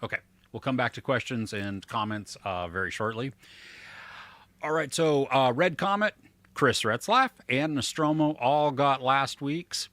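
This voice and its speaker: A man co-hosting a relaxed film podcast, his pitch bouncing around a lot as he talks. He speaks in a playful, self-mocking way, with a medium voice that is neither high nor low. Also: measured pace, dry recording. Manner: lively, jokey, self-deprecating. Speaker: podcast co-host. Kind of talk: casual chat.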